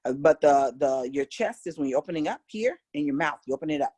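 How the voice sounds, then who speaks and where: Lively, husky American woman vocal coach. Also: deep voice, quick pace. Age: middle-aged. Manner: animated, coaxing, demonstrates exercises aloud. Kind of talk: casual video voice lesson.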